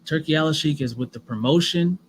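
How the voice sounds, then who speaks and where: A man's voice: on the high side, brisk, slight background noise, low-quality recording. A man co-hosting a boxing podcast, talking in a rambling casual way with fillers and restarts. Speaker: podcast co-host. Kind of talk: casual sports chat.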